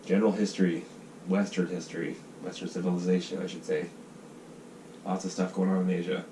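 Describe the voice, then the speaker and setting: A man from the United States talks in a loose, rambling monologue, swearing freely and slipping into mock voices. His voice sits low and dark. He is picked up from a distance, with faint noise behind. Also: little pitch movement, brisk. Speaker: vlogger sketching ideas.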